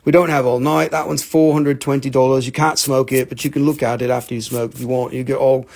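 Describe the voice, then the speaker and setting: A man's voice: medium pitch, level tone, fast talker, vocal fry, a little mellow. A man hosting a casual live sales stream, joking, mocking himself and swearing casually as he shows off stones. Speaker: host selling minerals on a live stream.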